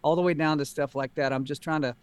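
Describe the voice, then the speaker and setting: A man's voice: a little high, fairly even intonation, fast talker, clear, resonant tone, no echo. A middle-aged man, a guest telling stories in a folksy, easygoing way on a talk show. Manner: folksy, drawling storyteller. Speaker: guest, country singer. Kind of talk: casual talk show chat.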